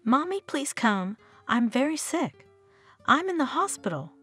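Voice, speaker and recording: A woman's voice: high-pitched, sing-song, unhurried, bright, forceful tone, breathy edge, faint music behind, voice pushed up, full character voice. A woman voicing a frightened, injured young woman in an audio story, pleading and tearful. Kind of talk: storybook narration.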